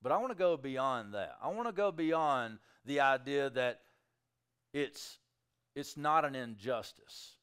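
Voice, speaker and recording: A man's voice: mid-range voice, expressive, unhurried, fairly bright tone, smooth. A male pastor preaching a sermon, reading scripture and acting out objectors' questions in a raised voice.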